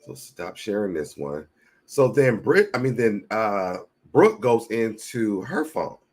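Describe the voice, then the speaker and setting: A man's voice: fairly low pitch, very animated, slow pace. A man hosting a casual commentary show, chatting to viewers as y'all and reading social media posts aloud. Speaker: commentary channel host.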